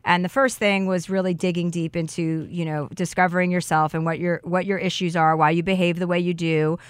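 A woman's voice: fairly low pitch, flat delivery, fairly quick, clean tone, dry recording. Effusive woman, dry close sound. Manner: emotional, effusive, warm-hearted talk of healing. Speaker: podcast guest. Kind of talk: casual heartfelt chat.

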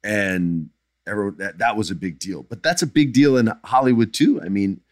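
A man's voice: lowish voice, normal speed, no echo, studio quality. A middle-aged man hosting a podcast, answering listener questions in blunt, emphatic casual chat that drifts into jokes.

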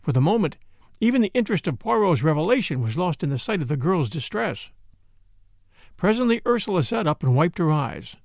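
A man narrating a classic mystery novel in a measured storytelling manner. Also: a little high, very animated, a little mellow, dry recording, clean studio sound. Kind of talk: scripted audiobook narration.

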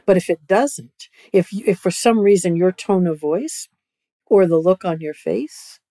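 A woman's voice: lowish voice, unhurried, mellow, dry recording. A woman guest on a podcast over a video call, explaining at length and often checking in with "right?". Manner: repeats "right?" often, starts phrases over. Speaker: guest expert. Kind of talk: conversational explanation.

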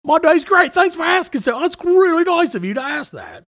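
A man playing a guest from the American South whose put-on British accent keeps slipping, his voice swinging between high and low. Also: sing-song, brisk, exaggerated voice.

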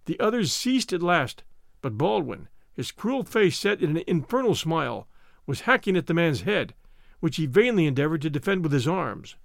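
A man hosting a show and reading a story aloud in a measured storytelling manner. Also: fairly high pitch, very animated, gravelly, no echo, studio quality. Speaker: host and reader. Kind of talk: audiobook narration.

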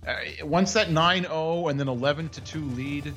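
A man's voice: fairly high pitch, normal speed, a bit bright, soft background music. A man co-hosting a casual podcast, telling a news story with mocking sarcasm. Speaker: podcast co-host. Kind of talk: casual chat.

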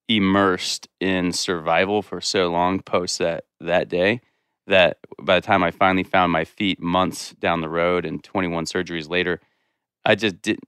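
A man as a podcast guest, speaking in a reflective, halting way with many "um" and "you know" fillers. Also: sits low, vocal fry, a bit bright, clean tone, dry recording, clean studio sound. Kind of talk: casual interview conversation.

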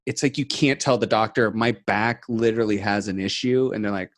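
A man's voice: lowish voice, fairly even intonation, normal speed, hardly any pauses, no room sound. A man co-hosting a podcast, joking crudely and running himself down in casual chat. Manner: joking, crude, self-deprecating. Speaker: podcast co-host.

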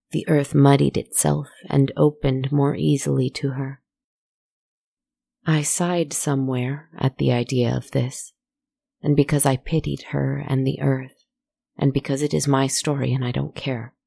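A storyteller narrating a slow, meditative tale in a soft, reflective manner, with asides to the listener. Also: mid-range voice, vocal fry, no room sound.

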